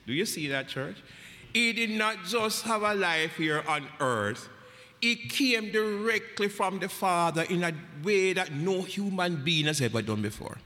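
A man whose voice sits high, pushed and bright, gives sermon-style Bible teaching in a church hall. Emphatic and repetitive, he keeps asking the congregation questions, and the sound echoes with long reverb.

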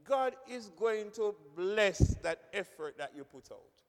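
A man's voice: sits high, expressive, slow. A man preaching a sermon, emphatic, repeating key phrases and calling on listeners by name. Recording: long reverb of a hall.

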